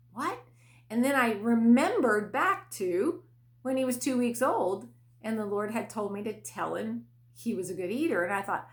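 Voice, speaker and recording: A middle-aged woman hosting a podcast, telling a personal parenting story in a casual, chatty way with fillers and soft laughs. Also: medium pitch. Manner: conversational, many fillers, laughs between phrases. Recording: echoey room.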